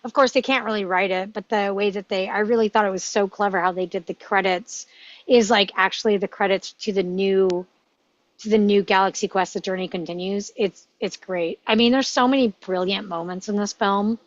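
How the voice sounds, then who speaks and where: A woman's voice: medium pitch, fairly even intonation, brisk, no echo. Chatty enthusiastic woman, lo-fi sound. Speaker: table read host. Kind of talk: casual chat. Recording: dull lo-fi sound.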